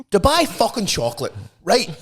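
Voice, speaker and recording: A man's voice: high-pitched, fairly bright tone, breathy edge. A man, co-hosting a podcast, swearing constantly and ranting with mock outrage. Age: 30s. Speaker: podcast co-host. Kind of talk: casual podcast banter.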